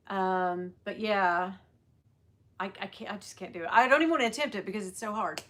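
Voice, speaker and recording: A woman's voice: medium pitch, expressive, moderate pace, fairly bright tone. A middle-aged woman chatting casually on a livestream, rambling and greeting viewers by name. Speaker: livestream host selling bags. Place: at work on a sales floor.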